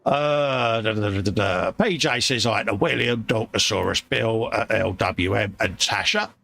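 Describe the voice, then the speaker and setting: A man's voice: on the low side, unhurried, gravelly, bright, forceful tone. A man hosting a casual livestream, chatty and matey as he reads out viewer messages. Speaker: livestream host reading chat.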